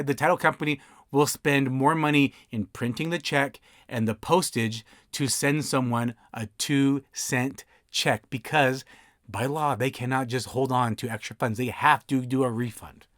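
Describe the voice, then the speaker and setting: Man, mid-pitched, casual podcast host, chatty instructional delivery, dry close mic. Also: fairly bright tone, no room sound. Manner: conversational, acts out client dialogue. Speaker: podcast host and signing service owner.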